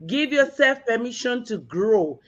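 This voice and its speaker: A woman giving a slow, encouraging motivational message that repeats its key words, over lo-fi call audio. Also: a little high, expressive. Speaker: guest speaker. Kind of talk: motivational talk.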